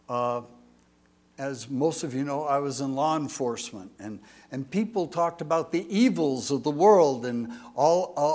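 Slow, lively older male preacher. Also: high-pitched. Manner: chatty, rambling, with restarts and asides. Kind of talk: folksy sermon with jokes.

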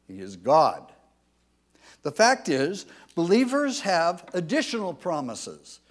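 A man preaching a sermon with emphatic delivery, rising loud when reading scripture aloud, with some halting restarts. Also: a little high, wildly swooping pitch. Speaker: pastor.

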